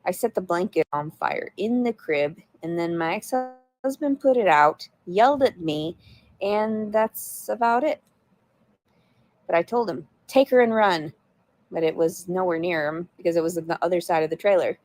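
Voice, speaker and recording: A woman's voice: lowish voice, normal speed, a little mellow. A woman chatting on a livestream, answering viewers in a blunt, profane, rambling way. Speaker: livestreamer reading chat. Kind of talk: casual livestream chat.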